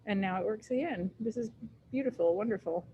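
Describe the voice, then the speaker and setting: A woman's voice: mid-range voice, fairly quick, mellow, muffled recording, slight background noise. Casual Southern woman teaching a class. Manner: casual, filler-heavy, plain-spoken. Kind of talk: classroom instruction.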